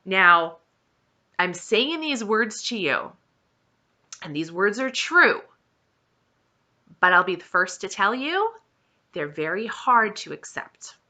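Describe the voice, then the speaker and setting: Earnest, slow-speaking woman. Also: mid-range voice, sing-song, sharp tone. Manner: earnest and encouraging, stressing points by repeating them. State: emotional, close to tears. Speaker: vlogger sharing her weight-loss journey. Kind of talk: heartfelt personal talk to camera.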